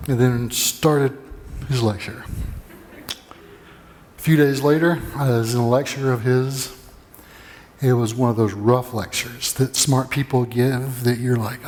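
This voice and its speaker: Male pastor, mid-pitched, chatty sermon delivery with frequent restarts, long church reverb. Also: steady tone, slow, pauses often, a little mellow, a little hiss or hum. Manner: conversational storytelling, repeats words as he restarts. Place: church sanctuary.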